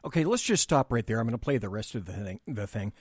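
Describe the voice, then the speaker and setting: A man's voice: on the low side, big pitch swings, fast, slightly rough, dry recording. A man hosting a live political talk show, blunt and rambling, with frequent restarts.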